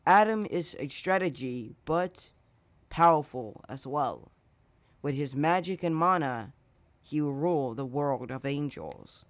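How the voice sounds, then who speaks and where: A man's voice: fairly high pitch, lively intonation, measured pace, no echo. A man hosting his channel and narrating a fan story casually, rambling with slips and self-corrections.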